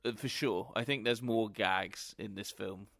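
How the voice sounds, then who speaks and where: A man's voice: on the low side, gravelly, no echo, studio quality. A man co-hosting a podcast, joking along and laughing as he chats casually about a film. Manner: animated, laughing, quick to joke along. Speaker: podcast co-host. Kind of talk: casual film review chat.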